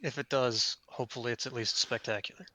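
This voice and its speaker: A man on a voice call before a tabletop game, helpfully talking others through software menus step by step. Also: medium pitch, fairly even intonation, fast talker, dry recording. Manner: helpful, gives step-by-step menu directions. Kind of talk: casual chat on a voice call.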